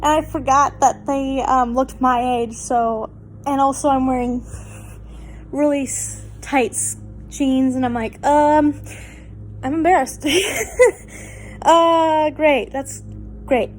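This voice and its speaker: A late-teen young woman reads fanfiction aloud at a slow, halting pace, her voice sitting fairly high. She stumbles, restarts and breaks into embarrassed, giggly asides. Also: steady tone, faint music behind. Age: late teens. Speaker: fanfiction reader. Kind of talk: amateur reading of fanfiction aloud.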